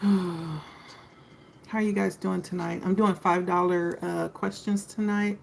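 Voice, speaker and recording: A woman's voice: on the low side, steady tone, measured pace, creaky, darkish tone, a little hiss or hum, low-quality recording. A woman hosting a live tarot stream, chatting casually and greeting viewers by name.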